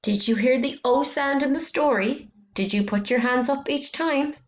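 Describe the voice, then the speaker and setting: A woman teaching a phonics lesson to young children, speaking slowly and clearly, stretching out sounds and encouraging them. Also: high-pitched, reverberant.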